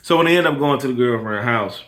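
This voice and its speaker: A man's voice: mid-range voice, fast, a bit bright. Emphatic man who keeps saying "listen". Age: adult with kids. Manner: storytelling with quoted dialogue. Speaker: lawn care business owner. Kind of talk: motivational personal talk.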